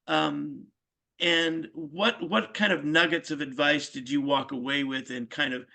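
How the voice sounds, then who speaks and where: A man's voice: on the high side, steady tone, a little slow, vocal fry, pushed and bright. A man in his sixties hosting an interview, asking rambling questions full of fillers. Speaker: podcast host. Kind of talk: casual interview conversation.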